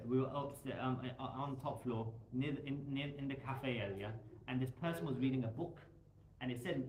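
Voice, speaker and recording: Man, casual storyteller who rambles and fills with "um", echoey room, faint hiss. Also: medium pitch. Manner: rambling, storytelling, many fillers. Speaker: speaker at a Sikh talk evening. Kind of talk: casual talk, mixing in Punjabi.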